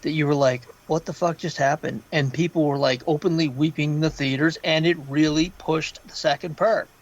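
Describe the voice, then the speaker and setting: Man, podcast co-host, casual chat, slightly high voice, animated swearing rants. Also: a little fast, dull audio. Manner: animated, swearing, quotes people in raised voice. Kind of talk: casual pop culture chat.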